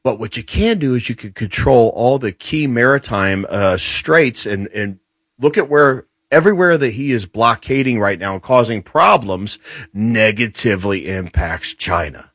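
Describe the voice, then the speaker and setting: Animated male guest explaining with relish. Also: mid-range voice, dry recording. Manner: animated explainer, quick restarts. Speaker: guest commentator on US military. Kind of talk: casual explanatory talk show chat.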